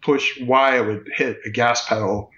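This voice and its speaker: A man in his fifties, a podcast guest, recounting a personal story in vivid detail with quick restarts. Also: mid-range voice, steady tone, a bit bright, dull audio.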